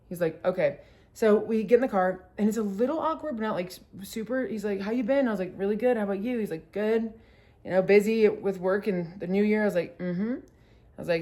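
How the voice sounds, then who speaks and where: A woman's voice: medium pitch, brisk. A young woman in her twenties telling a casual storytime vlog, animatedly acting out what others said and swearing freely. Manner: animated retelling, acts out quotes, swears freely. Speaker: vlogger.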